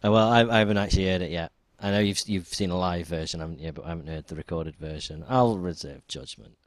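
A man with a very low voice co-hosts a casual podcast, moving the chat along between topics. He hesitates often and fills gaps with ums. His voice sounds close and dry, with no room around it. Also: fast, dry recording. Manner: hesitant, many ums while running the topics. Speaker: podcast co-host.

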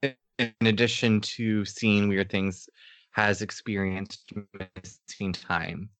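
A man's voice: fairly low pitch, steady tone, takes it slowly, fairly bright tone, no echo. A man co-hosting a podcast over a remote call, chatting casually and joking about a documentary, laughing often. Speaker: podcast co-host. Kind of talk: casual chat reviewing a documentary.

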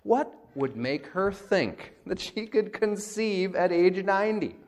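A man's voice: high voice, expressive, slow pace. A male pastor giving a conversational, wry sermon and acting out quotes.

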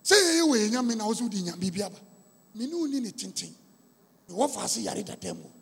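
A Ghanaian man preaches in a very husky, gravelly voice that sits unusually high for a man. He leans on a repetitive, emphatic cadence, and his voice rings with the long reverb of a large hall. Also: wildly swooping pitch, brisk, a bit bright. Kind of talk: storytelling sermon.

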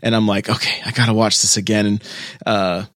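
A man co-hosting a pop culture podcast, rambling through a story with many restarts and trailing off quietly. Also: on the low side, flat delivery, fairly quick, no room sound, studio quality. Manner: rambling, restarts often, drops quiet at phrase ends. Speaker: podcast co-host. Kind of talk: casual chat.

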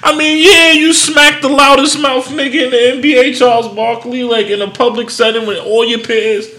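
Loud laughing man telling stories. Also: extremely high pitch, normal speed, echoey room. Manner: loud animated storytelling, acts out quotes, laughs often. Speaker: podcast host. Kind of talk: casual chat.

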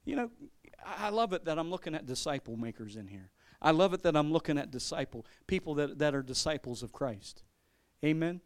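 A man preaching a sermon as pastor, with a voice a bit higher than most men's. He tells a personal story in an easy, conversational way, restarting and repeating words as he goes. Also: expressive, fairly quick. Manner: conversational, repeats words, laughs, acts out quotes.

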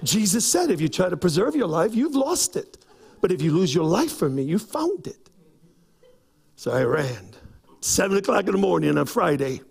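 A man preaching a sermon, telling a personal story with acted-out quotes and rising to shouts. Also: fairly high pitch, very animated, a little fast, vocal fry, husky. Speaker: pastor. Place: church.

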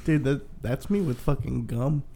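A man in casual crude chat with friends who talks in a halting, joking way. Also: medium pitch, vocal fry, warm tone, slight background noise.

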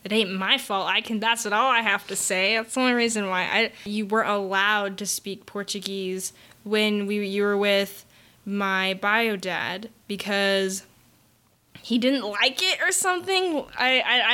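A woman's voice: mid-range voice, fairly even intonation, unhurried, pushed and bright. A young woman with an American accent, co-hosting a podcast in casual, rambling, self-deprecating chat full of fillers. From United States. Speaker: podcast co-host.

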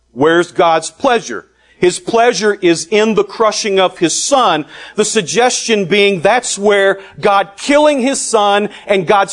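A man preaching a sermon, deliberate and emphatic, with long pauses. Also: high voice.

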